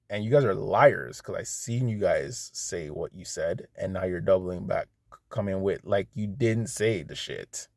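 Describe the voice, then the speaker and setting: Heated and blunt, a vlogger swears freely through a casual rant to the camera. His voice is lowish with a darkish tone, recorded clean in a studio with no room sound.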